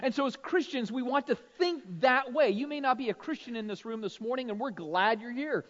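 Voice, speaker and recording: High-voiced man preaching in a reverberant hall. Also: brisk, fairly bright tone. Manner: conversational, frequent "right?" tag questions. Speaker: pastor. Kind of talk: sermon. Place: church sanctuary. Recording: long hall reverb, dull lo-fi sound.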